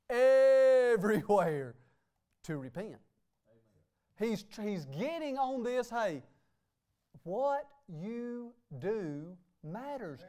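A man's voice: sits high, a little mellow. A man preaching a sermon as pastor, emphatic and repeating "hey" and "okay" between phrases. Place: church sanctuary.

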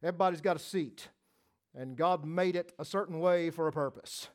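A man preaching a sermon, swinging from loud, emphatic lines to soft, hushed ones and repeating phrases for emphasis. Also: fairly high pitch, a little fast.

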